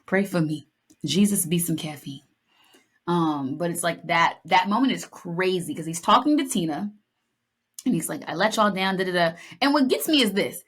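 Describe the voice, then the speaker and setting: A young woman co-hosting a podcast in casual chat, telling stories with lively acted-out lines and playful asides. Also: fairly low pitch, normal speed, breathy edge. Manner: animated storytelling, acts out lines, playful. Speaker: podcast co-host.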